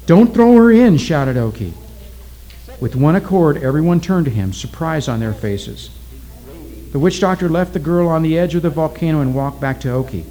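A man narrating a story aloud in a steady, deliberate reading style. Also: on the high side, rough recording.

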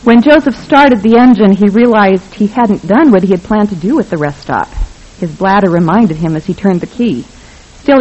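A narrator reading a novel aloud in a wry, even manner. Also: medium pitch, lo-fi sound. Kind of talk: scripted audiobook narration.

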